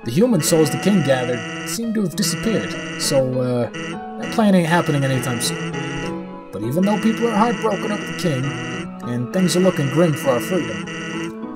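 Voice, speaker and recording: A man voicing an easygoing male skeleton leaving a relaxed phone message in a game playthrough. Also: fairly high pitch, close to an everyday voice, low-quality recording.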